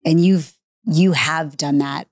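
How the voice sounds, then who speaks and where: Low-voiced woman affirming on a podcast. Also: steady tone, slow, no room sound, clean studio sound. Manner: warm, affirming, reflective. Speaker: podcast host and mother. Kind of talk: conversational podcast talk.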